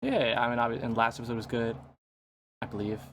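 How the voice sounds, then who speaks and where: A male podcast co-host in relaxed conversation, with a mid-pitched voice. He teases his partner dryly and laughs easily. A faint hiss of noise sits underneath him. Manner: wry, teasing, quick to laugh. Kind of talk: casual chat.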